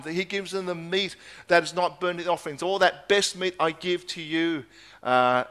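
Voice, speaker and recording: A man with a high voice preaching a sermon. He reads scripture passages aloud and stresses his points by repeating them with emphasis. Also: a bit bright.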